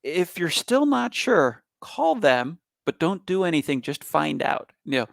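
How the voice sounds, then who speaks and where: A man giving a cybersecurity talk in an emphatic, animated manner, with bursts of loud stress. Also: on the high side, unhurried, gravelly, hardly any pauses, no echo, studio quality. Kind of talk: public presentation.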